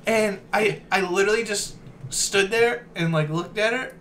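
A man from Western New York co-hosting a casual podcast, telling stories in a rambling, animated way. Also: sits high, normal speed, slight background noise. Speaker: podcast co-host.

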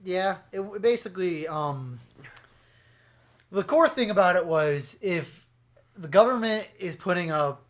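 Young male podcast co-host, slightly high voice, excitable, loose and profane. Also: a little slow, pauses often. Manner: excitable, swears freely, trails off with fillers. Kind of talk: casual chat.

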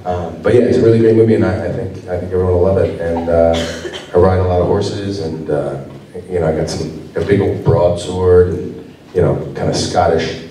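A man's voice: low voice, steady tone, a little fast, dark tone, a little hiss or hum. A man on a convention panel as an actor guest, talking casually and rambling with lots of fillers and restarts. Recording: roomy hall sound from far off.

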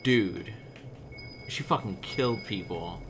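A man's voice: fairly low pitch, expressive, takes it slowly, background noise. A young adult man streaming a game live, chatting casually, swearing freely and reading in-game notes aloud.

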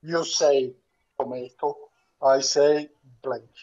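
Slow man on a dull lo-fi mic. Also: medium pitch, fairly even intonation, dark tone. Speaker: game player. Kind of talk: casual game chat.

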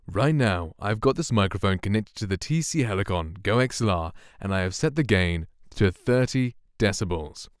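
Soft-spoken young man reviewing gear. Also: on the low side, clear, resonant tone, no echo, clean studio sound. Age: 20s. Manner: relaxed, rambling, soft-spoken, with fillers. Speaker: streamer and voice actor reviewing a microphone. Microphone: studio condenser close up.

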